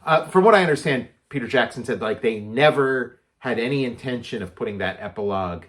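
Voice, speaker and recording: A man's voice: mid-range voice, lively intonation, a little fast, fairly bright tone. A man co-hosting a casual chat about movies, rambling with lots of filler words. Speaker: podcast co-host.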